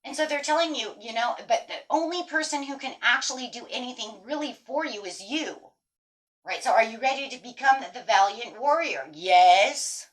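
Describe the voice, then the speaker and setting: A woman with a fairly high voice gives a tarot reading to her viewers. She talks casually and with a lot of emphasis, and she swears now and then. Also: expressive, normal speed. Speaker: tarot reader.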